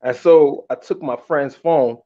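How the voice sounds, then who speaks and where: A man telling a long personal story in a casual, candid and animated way, acting out the quotes. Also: mid-range voice, unhurried. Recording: muffled lo-fi audio.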